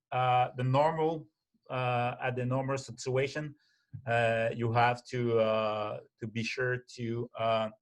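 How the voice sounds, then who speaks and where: A man giving a webinar presentation, talking in a halting way with many restarts and fillers and checking in with a frequent "okay?". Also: mid-range voice.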